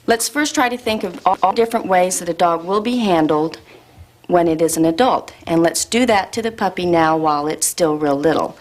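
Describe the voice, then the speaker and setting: A woman explaining puppy handling in a calm, explanatory way during a lesson. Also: lowish voice. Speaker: dog trainer.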